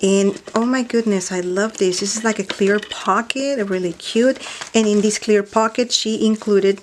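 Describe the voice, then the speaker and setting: Gushing woman unboxing crafts, soft asides. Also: mid-range voice, fairly even intonation, moderate pace, a little hiss or hum. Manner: gushing, exclaiming over each item; often drops to a soft near-whisper. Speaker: craft vlogger unboxing mail. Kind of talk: casual unboxing chat. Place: indoors at night.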